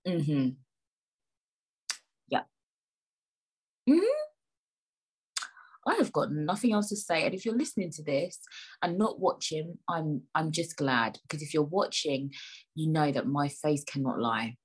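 A woman chats alone on her podcast, wandering from topic to topic with jokes at her own expense. Her voice sits low and has a husky grain to it. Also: lively intonation, measured pace, long pauses, low-quality recording. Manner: joking, chatty, self-mocking. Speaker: podcast host. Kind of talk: rambling solo podcast chat.

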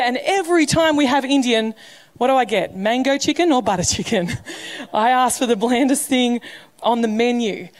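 A woman pastor giving a sermon in a conversational, humorous way. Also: a little high. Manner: conversational, humorous preaching with acted quotes. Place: church.

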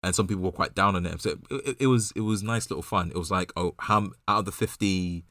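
A man co-hosting a podcast in casual chat, telling stories in an animated way. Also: low-pitched, dry recording, studio quality. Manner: animated storyteller, quick and laughing. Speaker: podcast co-host.

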